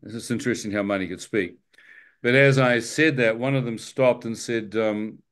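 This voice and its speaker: A man with a New Zealand accent recounts a near-death story as a spoken testimony. He tells it like an animated storyteller, putting on voices for the people in it and laughing as he goes. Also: mid-range voice, normal speed. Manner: animated storyteller, acts out dialogue, laughs often. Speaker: guest telling his testimony.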